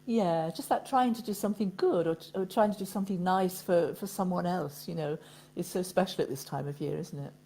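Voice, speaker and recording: A woman with an English Midlands accent, from Nottingham, co-hosting a chat show and reading poems in a soft, measured way. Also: lowish voice. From Nottingham, England. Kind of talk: radio-style chat and poetry reading.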